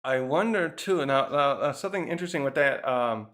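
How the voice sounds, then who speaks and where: Brisk and lively in intonation, a man with a mid-range, fairly bright voice rambles casually through a manga chapter review. He keeps restarting his thoughts and filling gaps with fillers.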